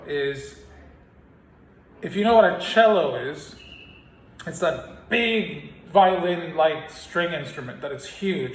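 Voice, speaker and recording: A man's voice: on the high side, fairly bright tone. A man teaching a singing lesson, explaining with analogies and singing scale exercises. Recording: roomy sound with piano behind. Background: piano.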